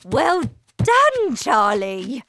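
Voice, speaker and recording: Woman as elderly grandpa in a storybook, gruff and low, roars when happy. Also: takes it slowly, slight background noise, full character voice. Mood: overjoyed. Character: old grandfather, doubtful then overjoyed.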